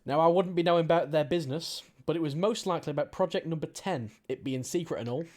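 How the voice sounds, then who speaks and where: A man voicing a gruff, plain-spoken male factory assistant in a put-on Cockney accent, with rough, folksy grammar. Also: on the high side, fast, a little mellow, lightly acted. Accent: mock Cockney.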